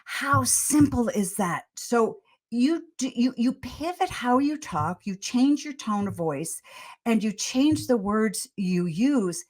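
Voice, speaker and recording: An older woman, a pediatrician appearing as a podcast guest, offers parenting advice in a conversational interview. Her voice is a little high, expressive, and a little mellow, and she speaks slowly. She tells stories earnestly and often restarts her sentences.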